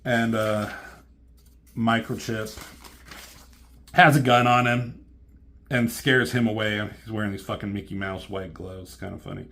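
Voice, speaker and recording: A man's voice: fairly low pitch, fairly even intonation, a little slow, long pauses, fairly bright tone. A man casually recapping a comic book story, rambling and profane, with lots of ums and restarts.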